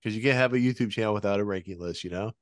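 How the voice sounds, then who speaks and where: A man's voice: on the low side, racing, dry recording, studio quality. A man hosting a podcast in casual chat, laid-back and playful, sometimes trailing off mid-thought. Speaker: podcast host.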